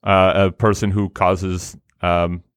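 A man's voice: low-pitched, level tone, slow, clear, resonant tone, no room sound, clean studio sound. A man co-hosting a casual comedic podcast chat, rambling and searching for words with lots of fillers. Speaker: podcast co-host.

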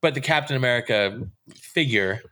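A man co-hosting a casual podcast chat, giving measured, thoughtful opinions. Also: mid-range voice, lively intonation, pushed and bright.

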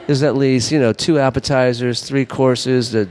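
Middle-aged male co-host, rambling storyteller, laughs easily, mid-pitched voice. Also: steady tone, moderate pace, a little mellow, a little hiss or hum. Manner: rambling storyteller, acts out quotes, laughs often. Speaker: podcast co-host. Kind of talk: casual chat.

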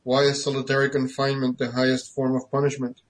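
A man co-hosting a casual talk show, making brief, measured remarks over an online call mic. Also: mid-range voice, monotone. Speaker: radio show co-host.

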